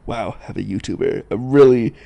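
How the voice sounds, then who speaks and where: A man hosting a casual podcast interview at home, chatty and excitable, often laughing, speaking into a desk mic. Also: mid-range voice, moderate pace, vocal fry. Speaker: podcast host. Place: small apartment room. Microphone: desk mic, guest sharing it.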